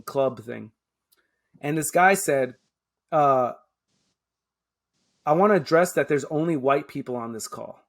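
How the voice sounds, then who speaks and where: A man in his 30s from Queens, New York, a public affairs officer, speaks as a guest in a conversational interview. His voice is mid-range with a fairly bright tone. He makes emphatic points and keeps checking in with "right?" along the way.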